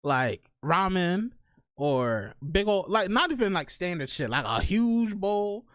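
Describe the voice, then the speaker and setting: A young man hosting a podcast, telling stories in slangy, animated casual chat. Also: sits high, slow pace, clear, resonant tone, no room sound. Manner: slangy, animated storytelling with laughs. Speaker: podcast host.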